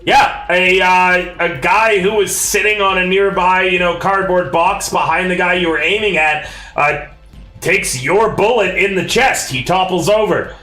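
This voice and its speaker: A man narrating as game master of a tabletop game, with animated, playful rules calls. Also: high voice, a little slow, echoey room, soft background music, rough recording.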